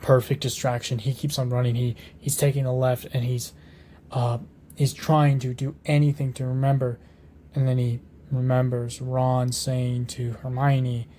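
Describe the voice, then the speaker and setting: A man's voice: mid-range voice, little pitch movement, normal speed, dark tone, slight background noise. Rambling man telling a fan story. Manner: rambling, with many fillers, restarts and swearing. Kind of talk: improvised fan story retelling.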